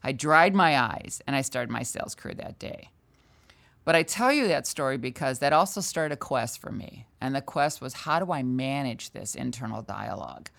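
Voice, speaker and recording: Older female sales trainer, low voice, candid and animated storyteller. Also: normal speed, creaky. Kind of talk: storytelling in a conversational interview.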